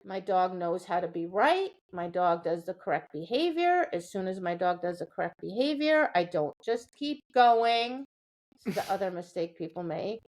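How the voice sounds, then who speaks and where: A woman's voice: fairly low pitch, animated, normal speed, a little mellow. A woman dog trainer co-hosting a podcast, explaining training in a chatty way and often checking in with "right?". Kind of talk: casual podcast chat.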